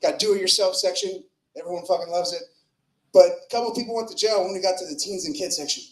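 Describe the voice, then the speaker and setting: High-voiced crude stand-up comic man. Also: quick pace. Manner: crude, rambling delivery with fillers and shifting volume. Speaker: stand-up comedian. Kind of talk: open mic stand-up set. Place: comedy club with live audience. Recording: roomy club echo.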